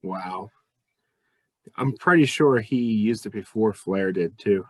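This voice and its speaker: A man's voice: on the low side, takes it slowly, no room sound. A man co-hosting a podcast in casual chat, mostly giving brief agreeing remarks. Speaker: podcast co-host.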